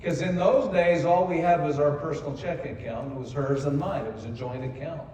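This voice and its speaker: An older man, a company co-founder, telling a personal story in a folksy, self-deprecating way, hoarse from speaking. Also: on the high side, a little fast, darkish tone, a little hiss or hum. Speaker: company co-founder giving a convention speech. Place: large convention hall. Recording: echoey hall from far off.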